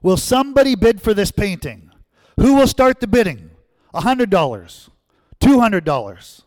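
An insistent auctioneer pushes the room for bids in a raised, high voice, calling the same item again and again. A man acts him out in a sermon story. The sound is dry and close. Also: sing-song, moderate pace, dry recording. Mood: pressing. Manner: loud, pressing calls for bids. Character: insistent male auctioneer at an estate sale.

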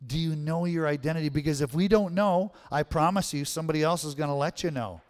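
A man's voice: a little high, quick pace, long reverb tail. A male pastor giving a sermon in a conversational way, often checking in with the congregation. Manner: conversational preaching, frequent "right?" check-ins. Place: church sanctuary.

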